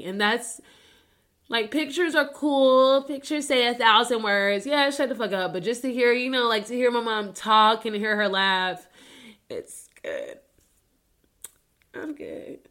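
A woman's voice: a little high, moderate pace, fairly bright tone. A woman hosting a podcast in a casual chat, speaking in a candid, emotional way with plenty of swearing. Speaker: podcast host.

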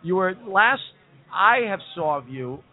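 Jersey guy hosting a goofy pub talk show, keeps saying listen, high voice, tinny audio. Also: very animated, unhurried. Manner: repeats "listen", chatty, laughs often. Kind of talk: casual comedy talk show banter.

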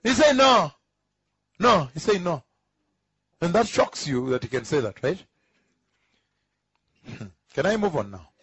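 A man preaching a teaching sermon, emphatic, who repeats key phrases slowly, asks rhetorical questions and chuckles between points. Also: high voice, very animated, a bit bright, slightly rough, dry recording, poor audio.

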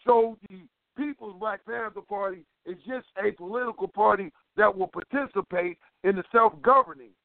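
A man's voice: high voice, gravelly, no room sound. A man giving an impassioned political talk as an organizer, emphatic and preachy, repeating phrases for weight. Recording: tinny phone line, dry.

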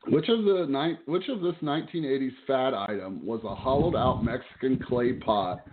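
A man's voice: mid-range voice, moderate pace. A man co-hosting a podcast who reads quiz questions aloud and chats loosely between them. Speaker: podcast co-host, quizmaster. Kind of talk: casual chat, reading quiz questions. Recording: tinny phone-like audio with clear noise.

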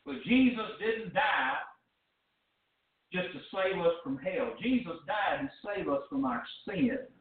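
A man preaching a fervent sermon as pastor, with rising shouts and drawn-out phrases. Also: high voice, animated. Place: church sanctuary. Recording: distant, echoey, phone-like church recording.

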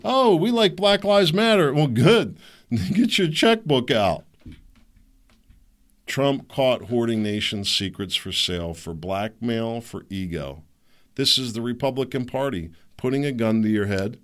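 A man's voice: medium pitch, expressive, measured pace, a bit bright. A man hosting a podcast, delivering a rambling, sarcastic and indignant political commentary monologue. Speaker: podcast host.

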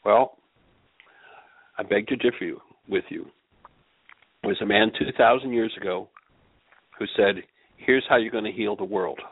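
A man with a gravelly, husky voice speaks earnestly in a measured teaching tone. He tells a story to make his point. The sound is thin and phone-like, as if heard down a telephone line. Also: lowish voice, no room sound. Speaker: radio show host and healing teacher. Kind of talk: spoken teaching with a told story.

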